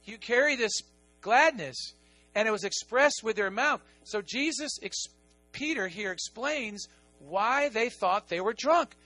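A middle-aged man preaching a sermon as pastor, animated, moving from quiet asides to excited emphasis. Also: high voice, measured pace, faint music behind.

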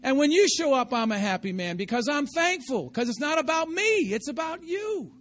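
A man preaching a sermon as pastor, talking to the congregation conversationally, asking for their responses and rising to shouts. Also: very high voice, sing-song, normal speed, a little hiss or hum.

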